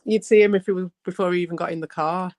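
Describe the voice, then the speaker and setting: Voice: medium pitch, steady tone, quick pace, a little mellow, no room sound. A co-host in casual chat who muses aloud and keeps asking follow-up questions. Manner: chatty, asks follow-up questions.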